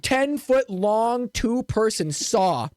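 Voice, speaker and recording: A man's voice: sits high, animated, slow pace, darkish tone, no room sound, studio quality. A man narrating as game master of a tabletop game, rambling with many restarts.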